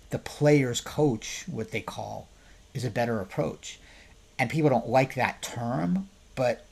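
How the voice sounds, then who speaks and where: A man who works as a therapist, hosting a podcast and giving his opinion in a conversational way. He asks the listener rhetorical questions and gets louder and more emphatic when he makes a point. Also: medium pitch, vocal fry, husky.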